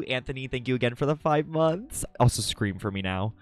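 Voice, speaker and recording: A man live-streaming from his home setup on a desk mic, chatting casually with viewers, playful and swearing, often jumping into high squeals. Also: lively intonation, a little fast. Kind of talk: casual chat reading out viewer messages. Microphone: desk microphone.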